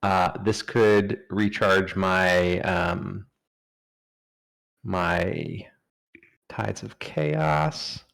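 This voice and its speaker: A man with a low, gravelly voice playing a tabletop game. He talks loosely and laid-back, pausing on fillers. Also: fairly bright tone. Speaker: player. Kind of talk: casual tabletop game chat.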